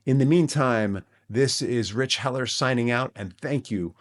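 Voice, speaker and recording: A man hosting a relationship podcast, talking earnestly and excitably, often repeating himself and checking in with "right?". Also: mid-range voice, measured pace. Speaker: podcast host. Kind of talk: relationship coaching podcast monologue.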